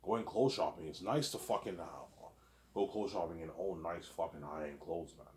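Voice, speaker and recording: A man's voice: low-pitched, normal speed. A young man rambling casually and profanely, often repeating and stumbling over his words. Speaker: vlogger. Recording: echoey room.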